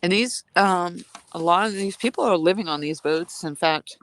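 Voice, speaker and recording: A woman's voice: lowish voice, moderate pace. A woman live-streaming from a cold outdoor dock on her phone, sniffly from the cold and chatting in a rambling way while greeting viewers. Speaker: live-streaming fishing vlogger. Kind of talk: casual live-stream chat. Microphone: phone held at arm's length.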